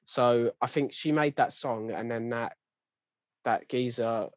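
A man's voice: mid-range voice, slow, dry recording. A young man in a casual chat, ranting with lots of slang and restarts.

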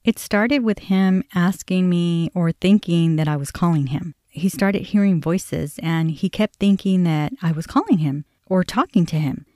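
A woman's voice: fairly low pitch, a little slow, few pauses, dark tone, dry recording, clean studio sound. A middle-aged woman hosting a podcast, candidly telling a family story in a conversational way and acting out remembered exchanges. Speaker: podcast host.

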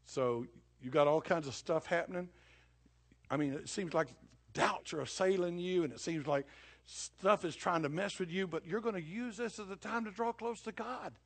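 A middle-aged man preaching a sermon, impassioned, swinging between loud declarations and low, hushed asides. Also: normal speed. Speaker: pastor.

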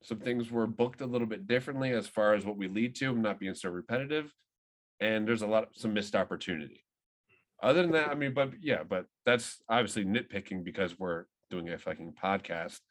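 A man's voice: fairly low pitch, fairly quick. A man in his thirties co-hosting a podcast, chatting loosely about a movie with lots of swearing and restarts. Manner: swears a lot, rambling. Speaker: podcast co-host. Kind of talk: casual movie review chat.

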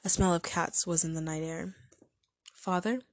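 A woman reading a story aloud as narrator, telling it in a steady, measured way. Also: deep voice, no echo.

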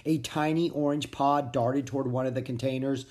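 An audiobook narrator reads a children's chapter book aloud with expressive, animated storytelling, at a medium pitch and a moderate pace.

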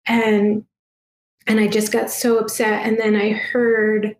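A woman guest telling a personal story in a soft, emotional way, halting and full of fillers and restarts. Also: mid-range voice, monotone, reverberant, slight background noise. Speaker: guest, past life regression therapist.

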